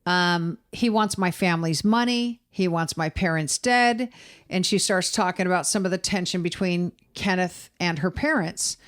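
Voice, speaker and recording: A woman's voice: lowish voice, moderate pace. Chatty woman retelling a crime story. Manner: retells events with acted-out quotes and laughs. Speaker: podcast co-host. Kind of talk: casual true-crime chat.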